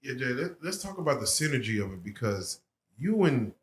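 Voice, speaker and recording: A man's voice: mid-range voice, big pitch swings, brisk. Hyped-up man hosting an interview. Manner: affirming and hyped, gives shout-outs. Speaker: interview host. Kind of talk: casual interview chat.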